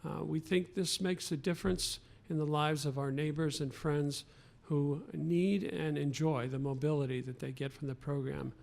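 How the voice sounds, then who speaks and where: A man who runs a transit agency's outreach, speaking at a press conference, halting, with many fillers and restarts. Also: fairly high pitch, gravelly, a little mellow. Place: press club event room.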